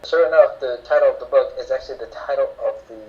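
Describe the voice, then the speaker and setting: Hesitant man, dull lo-fi sound. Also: medium pitch. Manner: hesitant, full of pauses. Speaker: podcast co-host. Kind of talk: casual movie review chat.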